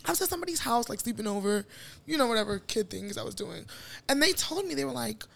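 A woman's voice: on the high side, expressive, fast talker, vocal fry, a bit bright. A woman, co-hosting a podcast and telling her story bluntly, with plenty of profanity and quoted voices. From Nigerian family, raised in Chicago. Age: late 20s. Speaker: podcast co-host. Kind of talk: casual candid chat.

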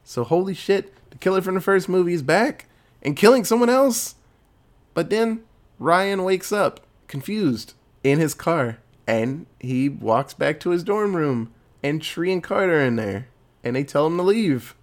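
A man casually retelling a movie plot in a lively, profane storytelling way. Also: on the high side, a little slow. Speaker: movie recapper.

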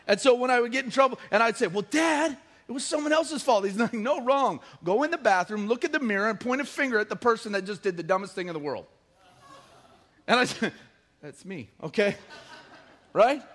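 Middle-aged male pastor, high voice, casual jokey sermon delivery with acted-out quotes. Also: lively intonation, a little fast, fairly bright tone. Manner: casual and joking, acts out quotes.

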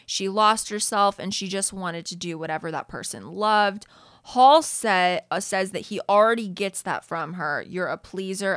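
A woman's voice: mid-range voice, a bit bright, no echo. Chatty young woman, dry close sound. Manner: chatty, frequent "like", swears freely, laughs often. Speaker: podcast host recapping a reality show. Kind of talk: casual chat.

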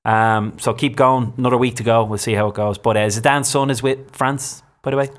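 A man's voice: mid-range voice, fairly even intonation. A man co-hosting a local radio football show, chatting casually and telling match stories with enthusiasm. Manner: chatty, enthusiastic, quick storytelling. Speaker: co-host, football pundit. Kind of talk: casual sports chat.

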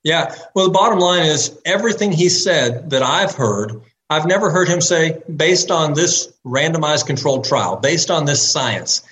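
A man who is a doctor, answering interview questions in a measured way and building his points step by step. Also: on the high side, expressive, a bit bright, poor audio. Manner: measured, builds arguments in lists. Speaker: doctor guest.

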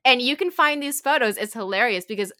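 A young woman telling a story in casual chat, animated and giggly, full of "like". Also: a little high, fairly quick. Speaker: podcast co-host.

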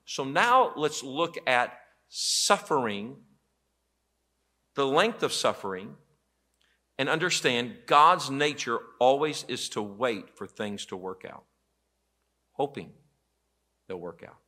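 A man's voice: medium pitch, takes it slowly, pauses often. A man preaching a sermon as pastor in a church auditorium, telling stories with quoted voices. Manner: animated storytelling with quoted voices.

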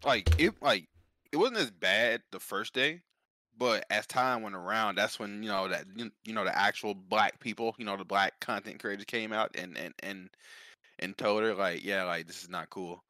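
A man's voice: fairly low pitch, moderate pace, bright, forceful tone, no echo, clean studio sound. A man co-hosting a casual podcast who talks hesitantly, with many fillers. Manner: hesitant, many ums and likes. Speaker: podcast co-host.

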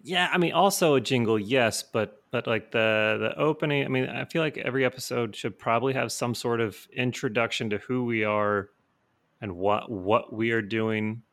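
A man's voice: mid-range voice, normal speed, fairly bright tone. Hesitant man co-hosting a podcast. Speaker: podcast co-host. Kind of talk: casual podcast chat.

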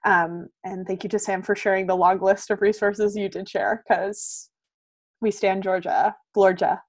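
A woman's voice: mid-range voice, level tone, moderate pace. A woman co-hosting a podcast, chatting casually with lots of fillers. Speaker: podcast co-host. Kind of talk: casual chat.

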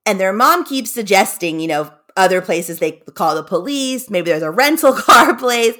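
A woman's voice: mid-range voice, expressive, normal speed, pushed and bright. A woman hosting a podcast who recaps a horror story in a chatty, giggly way and acts out the characters. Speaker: podcast host. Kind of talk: casual recap of a horror book.

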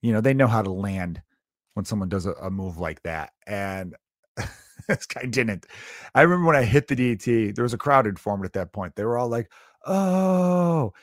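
A man in his thirties telling a story in a casual, animated and profane way, swinging between loud bursts and low asides. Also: normal speed, no echo, studio quality.

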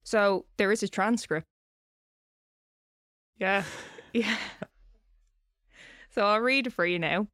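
A woman's voice: medium pitch, slow pace, pauses often, a bit bright, no echo, clean studio sound. A woman co-hosting a podcast, telling a story in a loose, chatty way and swearing casually. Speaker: podcast co-host.

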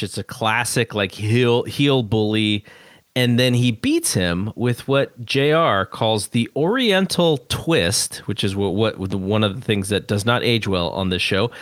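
A man's voice: medium pitch, lively intonation, unhurried, fairly bright tone, no room sound, clean studio sound. A man recapping an old wrestling episode on a podcast, hesitant and full of fillers. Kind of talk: casual episode review chat.

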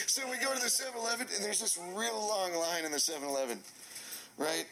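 A man telling a funny story casually, animated and laughing as he goes, swearing freely. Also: sits high, quick pace, creaky, over a noisy crowd, rough recording. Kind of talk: casual anecdote.

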